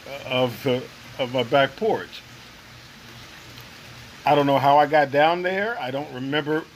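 A guest with a fairly high-pitched voice earnestly recounts a personal experience in the first person, reflecting and searching for the right words. The recording is rough, with a little hiss or hum.

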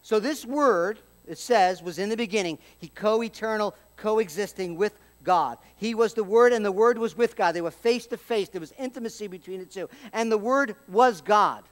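A pastor preaching a sermon, swinging between loud emphasis and near-quiet asides, with humorous remarks along the way. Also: male voice, high voice, normal speed, few pauses.

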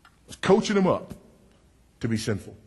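Husky-voiced preacher man with a big voice. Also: very animated, normal speed. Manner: emphatic, swinging from loud to low for effect; confessional and wry, working the crowd. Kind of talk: sermon.

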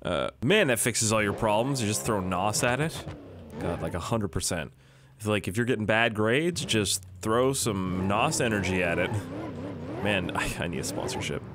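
Gaming YouTuber, young adult man, lowish voice, rambling excitable commentary with swearing, engine noise under it. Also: normal speed. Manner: rambling, excitable, swears, yells when the car crashes. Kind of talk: casual gameplay commentary. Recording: noisy game audio behind the voice. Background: car engine sounds from the game.

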